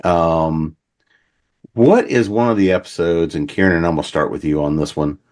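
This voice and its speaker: Low-voiced guy hosting a con panel, easygoing, keeps tossing questions to the others. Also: normal speed. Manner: relaxed, leading questions and calling on panelists. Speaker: panel host. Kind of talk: convention panel discussion.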